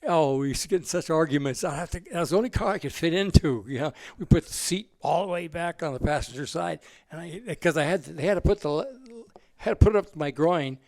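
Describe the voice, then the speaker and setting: An older man spins loose, salty anecdotes, laughing as he goes. His voice is gravelly and sits a little high for a man, and it is recorded close and dry. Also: fast, a little mellow, no room sound. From United States. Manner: rambling, profane and laughing. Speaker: guest. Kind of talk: casual storytelling.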